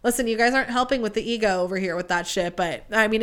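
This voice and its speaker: A woman's voice: mid-range voice, fast talker. Chatty young woman podcaster, swears freely. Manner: chatty, profane, quoting others in lively voices. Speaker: podcast host. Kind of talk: casual storytelling monologue.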